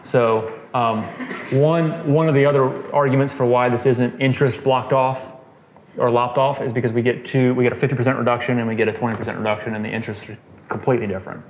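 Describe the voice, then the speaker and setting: Speaking quickly in a mid-range voice with fairly even intonation, a man runs a relaxed, conversational Bible study, quizzing the group and dropping in "okay" and "right." Faint noise and a roomy echo color the recording.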